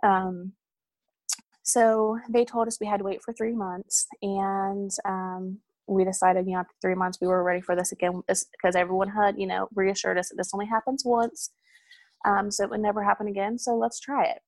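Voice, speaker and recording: A woman's voice: mid-range voice, flat delivery, moderate pace, a little mellow, dry recording. A young woman telling a personal story in a candid, rambling way, with many ums and asides. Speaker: hospital supervisor sharing a personal story.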